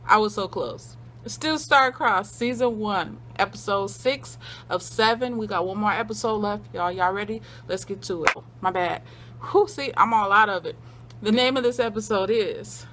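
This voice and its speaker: A woman giving a casual, excitable TV episode recap from home, chatting to her viewers as y'all. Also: fairly high pitch. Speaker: TV recap vlogger.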